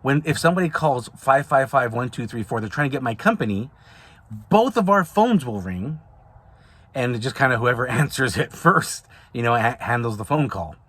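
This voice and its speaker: This man hosts an advice podcast and runs a signing service, with a medium-pitched, expressive voice that's a bit bright and slightly rough. He talks at a normal speed in a casual, informal way, often restarting and repeating himself. The recording has no room sound.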